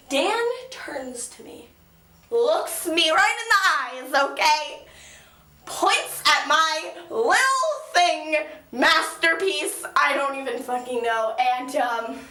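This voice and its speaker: A teenage girl vlogging in an excitable, gushing way, swearing casually while she tells a story and does her makeup. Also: high-pitched. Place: small echoey room at a mirror. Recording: echoey room.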